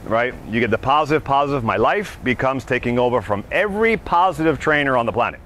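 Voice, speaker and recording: Animated male dog trainer. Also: mid-range voice, quick pace, slight background noise. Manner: animated, acts out dogs' thoughts, keeps asking "right?". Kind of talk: teaching a class.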